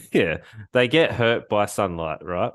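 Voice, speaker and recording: A man's voice: on the low side, expressive, takes it slowly, dry recording, clean studio sound. A man co-hosting a casual movie podcast, laid-back and joking, with slangy phrasing. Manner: laid-back, joking, uses slang like "old mate" and "reckon". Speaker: podcast co-host. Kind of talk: casual chat.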